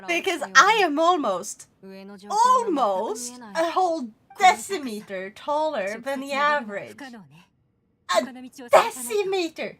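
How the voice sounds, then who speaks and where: A young woman with a Swedish accent chatting on a live stream, excitable and swearing freely. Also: high voice, takes it slowly. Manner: excitable, swears freely, loud bursts of laughter. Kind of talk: casual live-stream chat.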